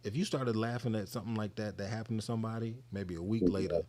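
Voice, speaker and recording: Male co-host, AAVE speaker, low-pitched, earnest and emphatic. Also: steady tone, quick pace, mellow. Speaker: regular co-host. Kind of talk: casual chat.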